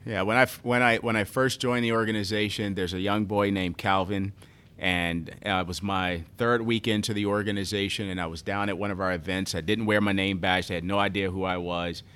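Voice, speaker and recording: A man who leads a children's charity, speaking as a guest and telling stories in an earnest, animated way. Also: fairly low pitch, fairly quick, smooth. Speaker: nonprofit CEO and guest. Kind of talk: conversational storytelling.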